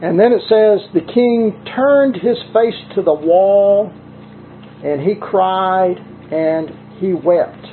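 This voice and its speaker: A preacher delivers a measured, emphatic sermon, pausing to read scripture aloud and press each point home. The voice comes through a narrow, telephone-like recording. A faint hiss runs beneath it. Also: mid-range voice.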